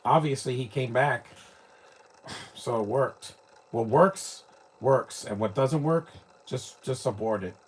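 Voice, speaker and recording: A man's voice: medium pitch, slow, pauses often, breathy edge. A man from New York, giving rambling, opinionated live commentary while watching a movie, often restarting his sentences. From New York, United States.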